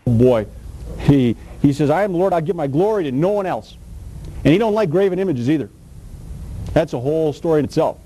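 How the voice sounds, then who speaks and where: A man's voice: on the high side, lively intonation, a little fast, long pauses, warm tone, slight background noise, rough recording. A man preaching a sermon in a folksy, emphatic, colloquial way.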